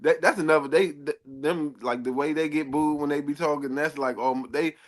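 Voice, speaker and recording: A man's voice: fairly high pitch, fairly even intonation, normal speed. A man co-hosting a wrestling review podcast, talking in a loose, rambling way with lots of fillers and swearing. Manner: rambling, full of fillers and profanity. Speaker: podcast co-host. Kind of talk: casual wrestling review chat.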